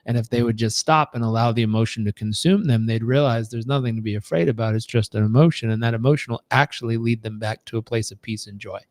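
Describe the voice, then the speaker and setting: A man's voice: mid-range voice, fast, hardly any pauses, darkish tone, no room sound. A man coaching in a live training session, telling stories in an earnest, repetitive way. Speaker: performance coach.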